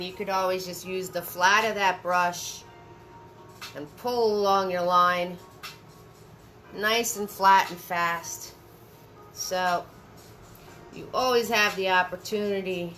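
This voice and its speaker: A woman leads a live painting class at an unhurried pace, with a bright, forward tone. She repeats her instructions twice and chats warmly with viewers by name between steps. Soft music plays faintly behind her. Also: mid-range voice. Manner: chatty, repeats phrases, greets viewers by name. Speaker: paint party instructor and host. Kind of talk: live-streamed painting lesson with viewer chat.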